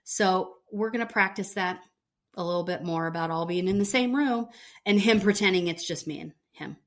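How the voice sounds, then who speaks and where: A middle-aged woman co-hosts a podcast, telling a story in casual chat and acting out the dialogue. Her voice is fairly low and she speaks at a normal speed.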